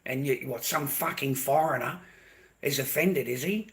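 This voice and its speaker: A man's voice: medium pitch, normal speed, a bit bright. A man with an Australian accent, delivering a heated, profane and confrontational rant to camera, often repeating himself. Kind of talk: angry ranting monologue to camera.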